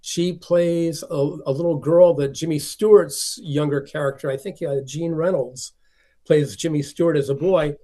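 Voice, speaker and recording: A man's voice: a little high, steady tone, moderate pace, mellow. A man, a film collector being interviewed, telling stories and acting out the voices of the people he quotes. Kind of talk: conversational storytelling.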